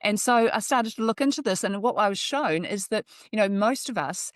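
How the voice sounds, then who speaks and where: A middle-aged woman speaks in an earnest, chatty way about her spiritual work, with laughs slipping in between her thoughts. Her voice sits at an ordinary middle pitch and sounds close and dry, with no room around it. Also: lively intonation, moderate pace, no echo. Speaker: astrologer and workshop leader. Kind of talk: relaxed interview talk. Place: New Zealand.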